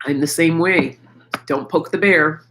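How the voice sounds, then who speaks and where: A woman's voice: low voice, unhurried, fairly bright tone, low-quality recording. A middle-aged woman hosting a live chat, talking frankly and personally about her feelings and swearing freely. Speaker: livestream host.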